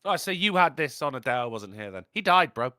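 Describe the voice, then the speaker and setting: Lively bright-voiced man. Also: medium pitch, brisk, dry recording, studio quality. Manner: rambling, animated, jokey storytelling. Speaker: livestream podcast host. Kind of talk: casual crude chat.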